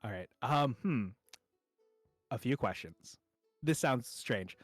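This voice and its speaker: A man running a tabletop game on stream. His pitch moves in a lively way, and he talks in an upbeat manner with plenty of fillers. The sound is dry and close, with faint music underneath. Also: takes it slowly, dry recording. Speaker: game master.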